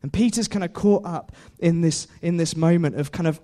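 A man's voice: fairly high pitch, moderate pace, few pauses, mellow. A young man preaching a casual sermon, chatty, laughing often and putting questions to his listeners. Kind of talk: informal sermon.

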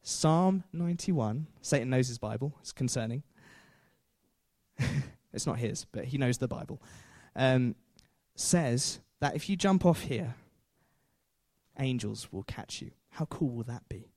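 A man's voice: mid-range voice, lively intonation, measured pace, a little mellow, no echo, studio quality. A man preaching a sermon in a chatty way, with self-deprecating jokes and frequent fillers.

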